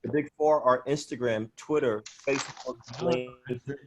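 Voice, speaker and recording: A man's voice: mid-range voice, fairly even intonation, normal speed, muffled recording, slight background noise. New york guy running a writing workshop on a video call, direct, pep-talking the group. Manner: encouraging, direct, addresses the group. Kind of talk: teaching an online workshop.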